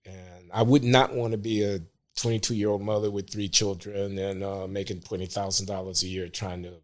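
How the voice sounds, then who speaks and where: An older man, a podcast guest, speaking in a measured, emphatic way with hesitant pauses. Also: low voice, level tone. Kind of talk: opinionated talk.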